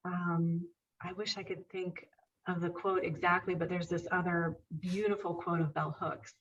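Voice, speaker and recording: A woman's voice: fairly low pitch, little pitch movement, moderate pace, recorded from a distance, highs cut off. A woman guest speaking earnestly and emphatically in a conversational interview. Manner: earnest, emphatic, repeats agreement. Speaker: guest, author and painter.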